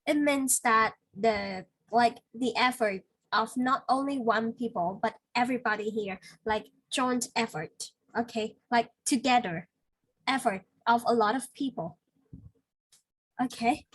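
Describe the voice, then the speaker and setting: A woman teaching an English vocabulary lesson one-on-one, explaining patiently and filling pauses with "like" and "uh". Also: a little high, a bit bright, breathy edge, dry recording, low-quality recording. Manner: patient explaining with many fillers.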